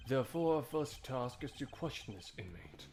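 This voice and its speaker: A man's voice: medium pitch, very animated, moderate pace, a little mellow, faint music behind, close to an everyday voice. A man doing a dry, formal prosecutor. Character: composed, formal male prosecutor. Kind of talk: game voice-over dub.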